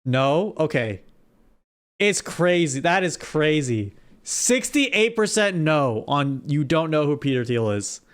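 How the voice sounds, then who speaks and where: A young man streaming live, chatting casually with his viewers while gaming, animated and rambling with restarts. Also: a little high, takes it slowly, smooth. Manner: animated, talks straight to chat, rambling with restarts.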